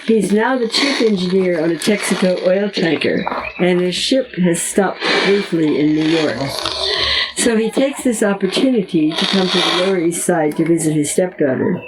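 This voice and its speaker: A woman in her seventies gives a lecture, reading from a memoir about her own life and breaking off to add her own memories in a measured storytelling way. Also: fairly low pitch. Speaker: guest speaker giving a lecture. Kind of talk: reading aloud from a memoir, with personal asides. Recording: audible background noise.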